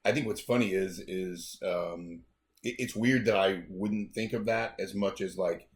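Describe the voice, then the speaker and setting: A man's voice: sits low, unhurried. An American man co-hosting a casual podcast chat, enthusiastic and self-deprecating, laughing often. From United States. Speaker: podcast co-host.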